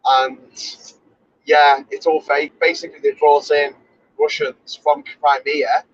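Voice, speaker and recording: A man's voice: on the high side, wildly swooping pitch, slow pace, slightly rough. A man hosting a casual chat, rambling and opinionated, correcting himself as he goes. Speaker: podcast host. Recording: dull lo-fi recording.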